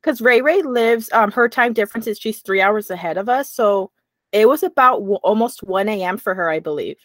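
A woman's voice: medium pitch, lively intonation, fairly quick, a bit bright, dry recording. A young woman co-hosting a podcast, chatting casually and telling a rambling story while laughing easily. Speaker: podcast co-host. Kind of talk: casual chat.

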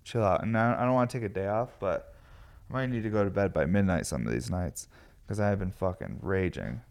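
A man in his thirties, tired and a bit raspy, rambling casually and swearing freely as he hosts a podcast from his glass studio. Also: deep voice, expressive, a little fast. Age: 30s. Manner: rambling, profane, laid-back.

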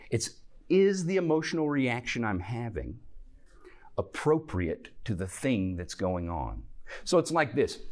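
A man teaching a Bible class, explaining earnestly and stopping to restart his sentences. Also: medium pitch. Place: church classroom.

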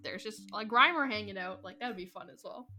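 A woman co-hosting a casual podcast chat, animated and swearing casually, laughing often. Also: mid-range voice, fairly quick, crowd noise. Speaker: podcast co-host.

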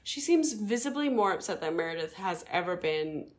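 A woman's voice: fairly low pitch, normal speed. Casual swearing woman podcast co-host. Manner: swears freely, animated impressions. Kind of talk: casual recap chat.

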